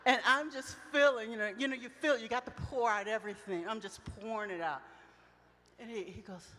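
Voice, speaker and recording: A middle-aged woman preaching at a women's retreat, telling personal stories with passion, swinging between loud outcries and soft reflective lines. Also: a little high, fairly even intonation, a little fast, slight background noise. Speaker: retreat speaker. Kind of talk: emotional sermon with personal storytelling. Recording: long reverb of a large hall.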